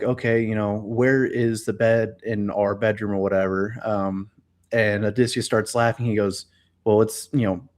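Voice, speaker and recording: A man with a lowish voice retells a story as a guest on a live stream. He talks casually and hesitantly, filling pauses with ums and you-knows. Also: a little mellow. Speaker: guest expert.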